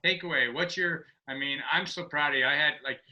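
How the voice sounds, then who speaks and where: Bright-voiced earnest man. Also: on the high side, fairly quick, dull audio. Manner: proud, earnest and effusive. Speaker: team leader and host. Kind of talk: casual video call chat.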